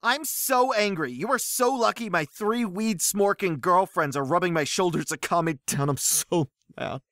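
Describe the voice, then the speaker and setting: A woman voicing a furious young man who brags about his three girlfriends, ranting, yelling and sobbing. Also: on the low side, normal speed, no echo, pitched below the performer's own voice, close to an everyday voice.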